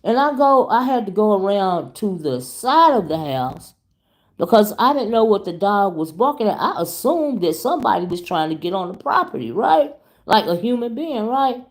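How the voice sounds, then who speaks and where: On her vlog, a YouTube commentary host tells a story in a casual, chatty way, talking animatedly to viewers she calls "y'all" and "child." Her voice sits in the mid-range, and she speaks at a moderate pace.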